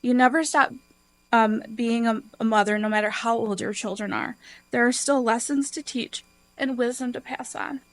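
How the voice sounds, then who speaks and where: A woman's voice: on the high side, fairly even intonation, moderate pace. A woman from the congregation reads a prepared personal tribute from the front of the church, earnest and emotional. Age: adult. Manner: earnest, emotional, tearful at times. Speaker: congregation member giving a tribute. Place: church sanctuary.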